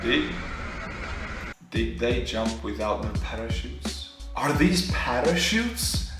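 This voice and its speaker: A man's voice: medium pitch, expressive, slow pace. Joking Estonian man in an echoey room. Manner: joking, mocking, breaks into startled exclamations. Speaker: YouTuber reacting to videos. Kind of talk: reaction video commentary. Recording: very echoey room, mic at a distance, music behind.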